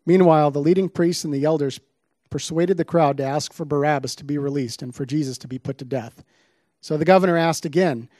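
A man's voice: a little high, fairly even intonation, brisk, a little mellow, no room sound, clean studio sound. A man giving a sermon, reading scripture aloud with dramatic emphasis on the quoted lines before explaining the passage. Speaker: preacher.

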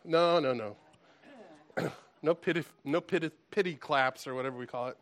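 Relaxed joking pastor, man. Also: a little high, moderate pace. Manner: relaxed, self-deprecating, joking. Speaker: pastor leading a church gathering. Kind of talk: casual sermon with a told joke.

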